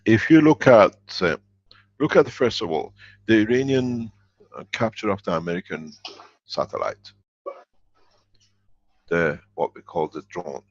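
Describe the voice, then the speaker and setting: A man answering questions in a live online workshop, blunt and joking, in halting English. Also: sits low, expressive, no room sound. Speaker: workshop speaker. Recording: dull lo-fi video call audio.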